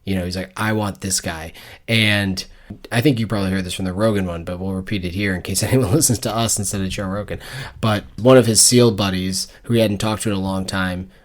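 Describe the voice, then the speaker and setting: A young man with a lowish voice co-hosting a book-club podcast. He talks loosely and conversationally, looping through "like" and restarts as he tells stories. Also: fairly even intonation, fast talker. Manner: chatty, rambling with many "like"s. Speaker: podcast co-host. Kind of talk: casual book-club chat.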